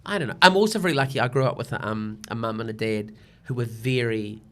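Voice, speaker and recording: A man's voice: mid-range voice, quick pace. An older man with a New Zealand accent, a broadcaster talking casually in an interview and often acting out quoted voices. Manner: animated storyteller, slips into quoted voices. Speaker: broadcaster guest.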